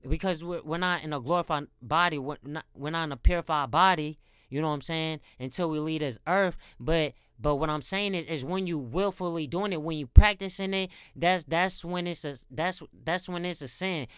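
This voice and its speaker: A man's voice: on the high side, normal speed, fairly bright tone, clear, resonant tone, no room sound, clean studio sound. A man giving a rambling casual faith talk, often repeating words and calling his viewers guys. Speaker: Christian content creator.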